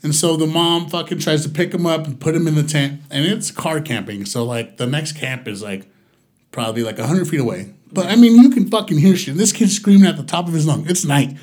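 A young man telling a long story in casual, profane chat, rambling and loudly acting out the quotes. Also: a little high, a little fast.

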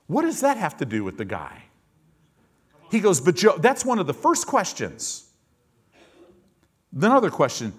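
A man preaching in a church with a lively, swinging pitch. He climbs to loud, emphatic peaks and drops into hushed, low tones. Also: a little slow, husky. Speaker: pastor. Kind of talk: sermon.

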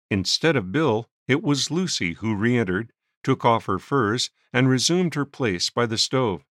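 A man narrating a story in a measured storytelling manner. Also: fairly low pitch, a bit bright, no echo, studio quality. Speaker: audiobook narrator. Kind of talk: scripted narration.

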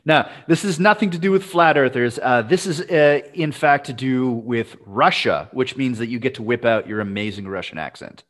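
A man's voice: medium pitch, moderate pace, few pauses, a bit bright. A man hosting a casual podcast over a video call, rambling with fillers and restarts. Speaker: podcast host.

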